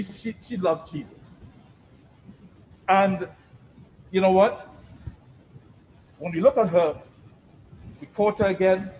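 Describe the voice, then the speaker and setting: A man preaching a sermon, emphatic and deliberate, repeating phrases for stress and swinging between loud declarations and hushed asides. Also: high voice, slight background noise, rough recording.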